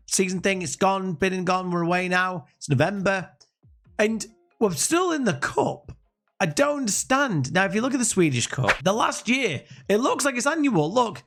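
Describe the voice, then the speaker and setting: A young man doing excitable, jokey, rambling let's-play commentary. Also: sits high. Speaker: gaming YouTuber.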